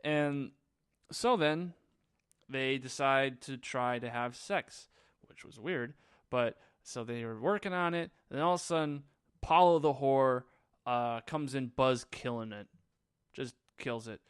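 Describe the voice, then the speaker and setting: Male solo reviewer, rambling and sarcastic, smooth voice pitched a bit high, dry close sound. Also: measured pace, no room sound. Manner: rambling, sarcastic, lots of fillers. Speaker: movie reviewer. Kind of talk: casual solo movie recap.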